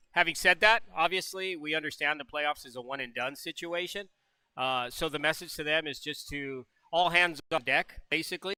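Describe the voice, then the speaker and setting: Older male coach, folksy and halting postgame talk, bright, clear voice. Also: a little high, dry recording. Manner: folksy, halting, restarts often. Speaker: head coach. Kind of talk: postgame interview.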